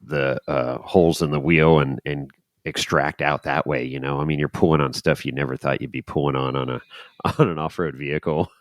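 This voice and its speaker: A man's voice: very deep voice, steady tone, brisk, dry recording, clean studio sound. A man hosting a podcast, chatting casually and agreeing often with short affirmations. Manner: agreeable, lots of backchannel affirmations. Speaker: podcast host.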